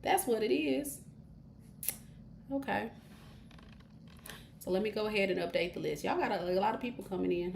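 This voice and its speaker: A woman's voice: lowish voice, normal speed, gravelly, pauses often, a little mellow. A woman giving a live-streamed tarot reading, chatty and informal, talking straight to her viewers. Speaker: tarot reader. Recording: roomy echo with faint hiss.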